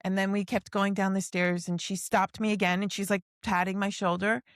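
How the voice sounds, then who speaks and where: A woman's voice: medium pitch, flat delivery, a little fast, dry recording, studio quality. A middle-aged woman hosting a podcast, telling personal stories in an earnest, heartfelt way. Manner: earnest, emotional, tells long personal stories. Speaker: podcast host. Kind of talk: casual conversation, personal storytelling.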